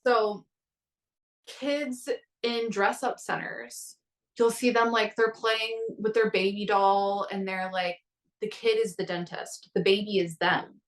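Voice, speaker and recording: A woman's voice: medium pitch, fairly even intonation, slow, recorded from a distance, poor audio. A woman in her thirties in a casual podcast conversation, telling stories animatedly and acting out her own inner voices. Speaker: guest coach.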